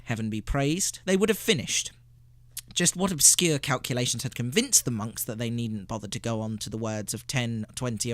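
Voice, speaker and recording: Brief: male radio host narrating a short story, lively pitch, slightly high voice, very dry sound. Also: dry recording. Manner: expressive storytelling reading. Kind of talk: scripted narration.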